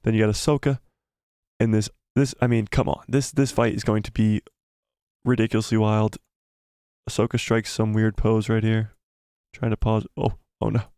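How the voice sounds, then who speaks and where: Excitable low-voiced man streaming live. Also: moderate pace, smooth, no echo, clean studio sound. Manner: excitable, rambling with many fillers and repeats. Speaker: streamer breaking down a trailer. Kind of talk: live casual commentary.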